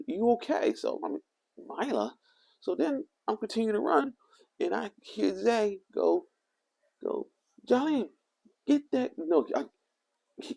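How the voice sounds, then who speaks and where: A man vlogging, telling a rambling personal story in an animated way, swinging from loud to hushed. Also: high voice, creaky, husky.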